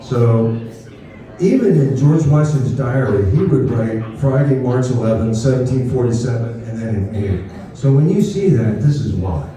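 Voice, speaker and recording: Man, history speaker, casual and digressive, dark mellow tone, far off-mic in a big echoey room. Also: medium pitch, expressive, moderate pace. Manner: chatty, digressive, asks "okay?" often. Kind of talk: informal history talk to a live audience.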